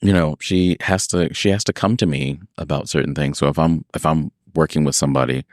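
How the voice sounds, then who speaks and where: A man's voice: a little fast, dry recording, studio quality. A man hosting a podcast, telling his work stories in casual chat and acting out his customers with big jumps in his voice. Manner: animated storyteller, acts out customers with big pitch jumps. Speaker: podcast host.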